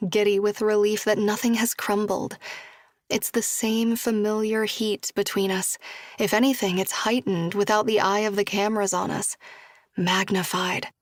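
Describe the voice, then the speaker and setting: A woman reads a first-person audiobook in a soft, even voice that rarely moves in pitch. The sound is dry and close, with no room around it, and her dialogue falls to a hushed whisper. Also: normal speed, no room sound. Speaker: audiobook narrator.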